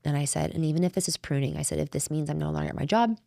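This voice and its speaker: A woman's voice: low voice, rapid-fire, gravelly, dark tone, no room sound, clean studio sound. A middle-aged woman co-hosting a faith podcast, talking in an earnest, heartfelt way that rambles and restarts. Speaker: podcast co-host. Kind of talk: faith-based conversational podcast.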